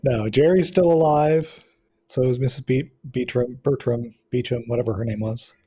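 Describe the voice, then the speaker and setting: Mellow-voiced male game master. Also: medium pitch, moderate pace, slight background noise. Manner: relaxed, explanatory, with frequent restarts. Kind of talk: running a tabletop role-playing game.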